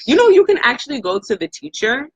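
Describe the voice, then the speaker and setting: A young woman talks in a husky voice whose pitch swings widely. She co-hosts an animated casual chat and keeps chiming in with agreement. The recording is dry and dull. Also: fast, dry recording. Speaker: co-host.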